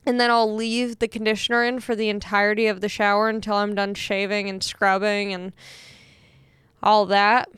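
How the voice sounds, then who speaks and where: A woman's voice: medium pitch, level tone, moderate pace, fairly bright tone, smooth, dry recording. A young woman hosting a casual talk show, chatty and self-mocking, rambling through a sponsor read. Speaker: podcast host reading an ad.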